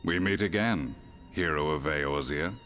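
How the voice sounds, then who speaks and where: An actor playing a stern older imperial warrior in a game cutscene, speaking in a formal, measured way. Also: male voice, rumbling low, fairly bright tone, faint music behind.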